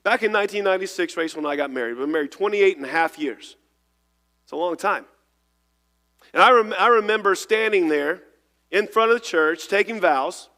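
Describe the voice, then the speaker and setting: A man's voice: high voice, lively intonation, brisk, long reverb tail. A man, preaching an earnest sermon in a church, often repeating and restarting words. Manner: earnest, repeats words, shifts between loud and hushed. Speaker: pastor. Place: church sanctuary.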